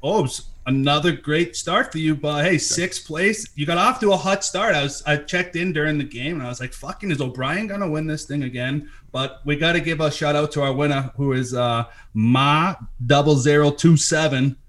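A man's voice: fairly high pitch, a little fast, few pauses, fairly bright tone. A man co-hosting a sports podcast, teasing his friends, laughing and swearing in casual banter. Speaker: podcast co-host.

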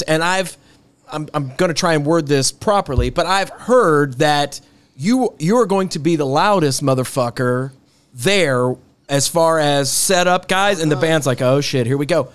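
A man hosting a casual podcast, excitable and quick to jump in, swearing freely. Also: a little high, clean tone. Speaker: podcast host. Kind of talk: casual chat.

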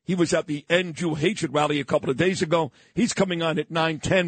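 Combative husky male radio host. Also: fairly high pitch, steady tone, a little fast, hardly any pauses, no room sound. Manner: combative, sarcastic, insulting. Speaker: radio talk show host. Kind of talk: opinionated talk radio monologue. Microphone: studio microphone.

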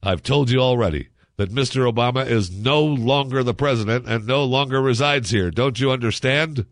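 A man's voice: medium pitch, moderate pace, no echo, clean studio sound, voice pushed up, close to an everyday voice. A man reading a joke aloud, voicing a stern young male Marine guard in a formal, clipped manner. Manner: formal, clipped, growing exasperated.

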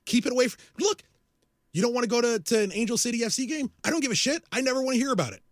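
A man's voice: extremely high pitch, racing, no room sound, clean studio sound. A man in his forties, a podcast co-host, ranting casually with a profane, exasperated manner.

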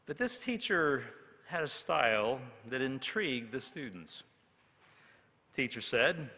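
A man preaching a sermon, telling a story in a slow, dramatic way with long pauses. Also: mid-range voice, very animated, sharp tone. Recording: long hall reverb.

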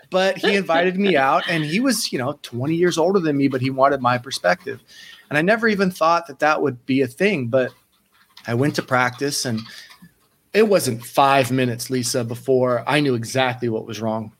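A man's voice: on the high side, normal speed, background noise. A man in his thirties, a sports psychology coach, telling stories in a casual interview and acting out the people he quotes. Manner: animated, acts out quoted voices, frequent restarts.

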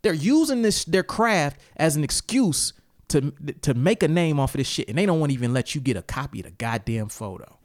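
A man's voice: fairly high pitch, fairly quick, dry recording, clean studio sound. A man hosting a casual talk, telling heated stories with lots of swearing and sudden outbursts. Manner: profane, animated storytelling with heated outbursts. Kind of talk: casual ranting chat.

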